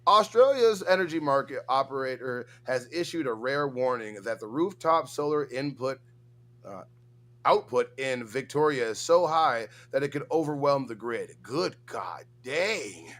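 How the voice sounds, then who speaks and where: Male stream co-host, lively swooping delivery, profane, hyped reactions. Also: medium pitch, unhurried. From United States. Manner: loud, swearing, animated, exaggerated reactions. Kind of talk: casual livestream chat.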